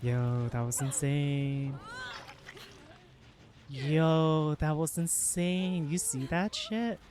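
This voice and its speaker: During casual live gameplay chat, a laid-back streamer speaks in a quiet, ASMR-leaning voice that is mid-pitched, unhurried, mellow, and dark. The talk rambles easily with frequent small laughs, and there is slight background noise.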